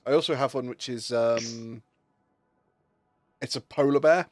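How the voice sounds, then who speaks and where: A man's voice: mid-range voice, measured pace, no echo. A man in casual gaming chat who tells funny stories and acts out the lines he quotes.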